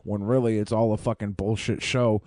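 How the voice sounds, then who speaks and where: A man's voice: on the low side, flat delivery, moderate pace, darkish tone, dry recording. A man hosting a podcast panel, ranting emphatically and swearing freely. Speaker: podcast host. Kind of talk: casual panel chat.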